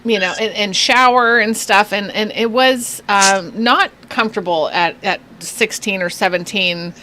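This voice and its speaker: Bright, giggly woman in her forties. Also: mid-range voice, a little slow. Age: 40s. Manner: chatty, giggly, lots of fillers. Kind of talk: casual chat.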